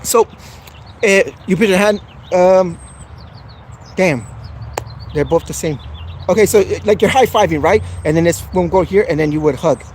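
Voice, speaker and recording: A man's voice: high-pitched, normal speed, pauses often, a little mellow, slight background noise, low-quality recording. Earnest man chatting on a livestream. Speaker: vlogger. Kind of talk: casual livestream chat with viewers.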